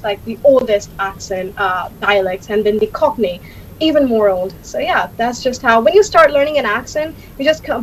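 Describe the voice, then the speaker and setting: A woman's voice: on the high side, slight background noise, poor audio. A woman from India, answering interview questions chattily with many fillers and restarts. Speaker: guest, accent learner.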